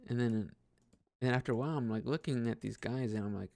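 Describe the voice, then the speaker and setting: A man's voice: medium pitch, quick pace, creaky, darkish tone, dry recording. A young man talking casually and openly to himself, rambling with many restarts and frequent laughs. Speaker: podcast host. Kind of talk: casual personal monologue.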